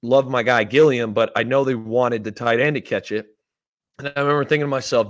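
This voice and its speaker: A mid-pitched man in his thirties from Canada hosts a casual sports podcast. He tells stories in an animated way, jumping into quoted lines and swearing casually. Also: a little fast. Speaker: podcast host, former player.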